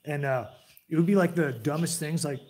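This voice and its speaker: Man streaming, slightly raised pitch, rambly off-the-cuff talker who drifts between tangents. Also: a little fast, a little mellow. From United States. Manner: digressive, restarts sentences, jumps between tangents. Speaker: livestream host. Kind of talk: casual rambling monologue to chat.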